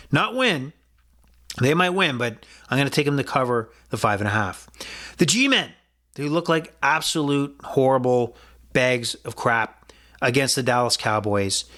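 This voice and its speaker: A man's voice: mid-range voice, a bit bright. A man hosting a sports betting podcast, giving blunt, rambling picks with profanity and frequent restarts. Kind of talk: casual sports betting talk.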